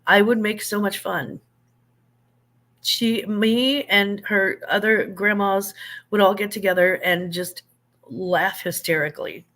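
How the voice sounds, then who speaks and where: A woman's voice: medium pitch, steady tone, takes it slowly, a bit bright. An older woman, a grandmother, hosting a casual live chat. She greets her viewers, laughs easily and stumbles over names. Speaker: livestream host.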